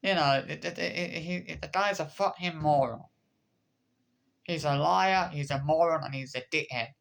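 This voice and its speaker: A man's voice: a little high, normal speed, vocal fry, a bit bright. A man in an angry, swearing vlog rant, repeating himself with frequent hesitant restarts. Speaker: vlogger.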